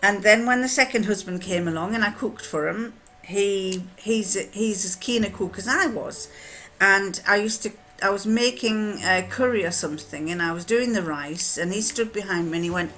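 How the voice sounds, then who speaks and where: A woman's voice: mid-range voice, moderate pace, fairly bright tone, faint music behind. Chatty older woman rambling on. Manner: rambling and chatty, many ums and restarts. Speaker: vlogger answering a tag challenge. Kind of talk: casual chat to camera.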